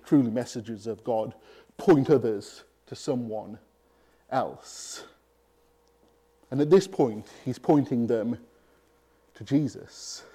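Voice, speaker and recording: Mellow-voiced male preacher. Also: mid-range voice. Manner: emphatic, with deliberate pauses. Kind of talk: sermon.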